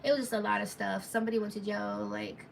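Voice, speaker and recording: Gravelly-voiced woman rambling on a live stream. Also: medium pitch, level tone, fast talker, distant mic, a little hiss or hum. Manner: rambling, chatty, full of "like" and asides to viewers; reads viewer comments aloud mid-story. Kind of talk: casual storytelling on a live stream.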